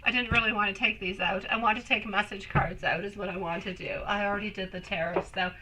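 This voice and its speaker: A woman's voice: medium pitch, steady tone, fast talker, noisy background. A woman hosting a live-stream tarot reading, chatting with viewers and calling them sweetie and my love. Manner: chatty, reads viewer comments aloud and answers.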